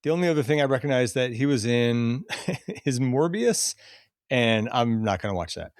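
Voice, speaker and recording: A man's voice: medium pitch, lively intonation, moderate pace, dry recording, studio quality. A man hosting a casual podcast, chatting loosely and laughing often as he runs through a cast list. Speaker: podcast host. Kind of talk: casual chat.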